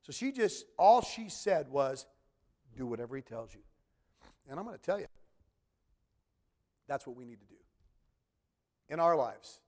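A man preaching a sermon, telling a story with animated acted-out quotes and questions to the congregation. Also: fairly high pitch, a little slow, long pauses. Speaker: pastor.

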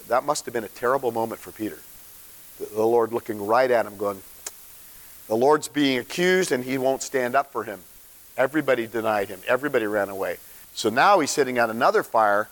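A man preaching a sermon in a casual, animated storytelling way, using slang and acting out the characters. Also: mid-range voice, big-room sound. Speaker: pastor.

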